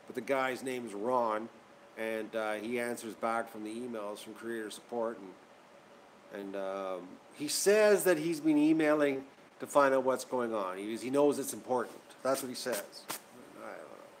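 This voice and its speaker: In a casual vlog for his viewers, a man with a mid-range voice speaks at a measured pace against a noisy background. He gets worked up, wandering off on tangents and repeating himself.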